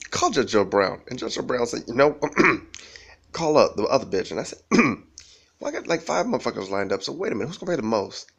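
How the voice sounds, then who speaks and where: A man's voice: medium pitch, very animated, a little fast, a bit bright, husky. A man rambling through a profane monologue, often laughing as he talks.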